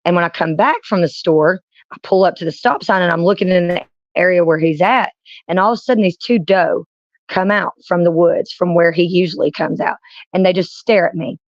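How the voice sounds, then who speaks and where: A woman's voice: on the low side, fairly quick, no echo, muffled recording. A woman streamer telling rambling stories in casual chat, often breaking into laughs. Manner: rambling anecdotes with frequent laughs.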